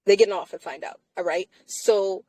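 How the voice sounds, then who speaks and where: A woman's voice: medium pitch, moderate pace, darkish tone, no echo, low-quality recording. A woman hosting a casual live chat from inside a car, talking emphatically and laughing often between phrases.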